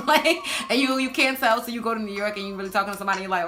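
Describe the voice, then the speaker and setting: A woman's voice: mid-range voice, racing, few pauses, over music. A woman in her twenties with a New Jersey accent, chatting casually in a get-to-know-me video and laughing often. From Louisiana, raised in New Jersey. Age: 20s. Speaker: vlogger.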